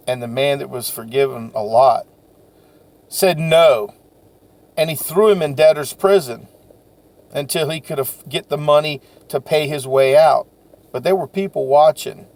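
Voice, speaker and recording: A man's voice: mid-range voice, vocal fry, a little mellow. An older man giving an earnest, confessional talk about sales and forgiveness, rambling a little and restarting his sentences. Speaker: sales vlogger. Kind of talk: casual motivational talk to camera.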